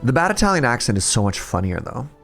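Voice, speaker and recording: Man streamer, joking play-by-play, gravelly and animated, soft game music under. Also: mid-range voice. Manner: chatty, joking, reacts aloud. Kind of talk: casual gameplay commentary.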